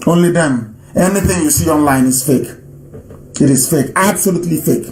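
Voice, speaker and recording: A man's voice: fairly high pitch, moderate pace, a little mellow, a little hiss or hum. A man from Nigeria hosting a live radio broadcast and taking calls, speaking emphatically and repeating phrases for stress. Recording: roomy echo.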